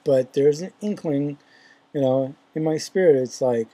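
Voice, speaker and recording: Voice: medium pitch, a little slow, mellow, a little hiss or hum. A faith vlogger casually retelling a dream, rambling and hesitant, with lots of fillers and restarts.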